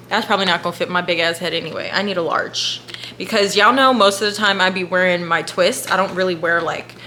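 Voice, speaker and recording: A young woman vlogging at home, chatting casually and slangily while shopping online, gasping and whispering when excited. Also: on the low side. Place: room at home. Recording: echoey room with faint hum.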